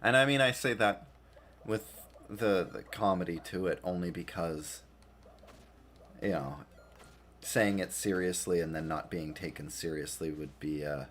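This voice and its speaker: A man's voice: deep voice, a little slow, fairly bright tone, a little hiss or hum. A tired man streaming a game, chatting casually and rambling in a self-deprecating way, laughing often. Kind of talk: casual gaming stream chat.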